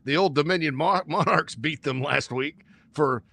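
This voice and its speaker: A man co-hosting a casual sports talk show, rambling and joking with sudden jumps in pitch. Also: normal speed, vocal fry, a bit bright, no echo.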